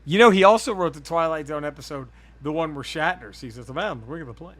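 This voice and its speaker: A man's voice: fairly high pitch, fast talker, fairly bright tone, dry recording. A man hosting a podcast in casual chat, rambling and profane as he tells a story. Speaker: podcast host.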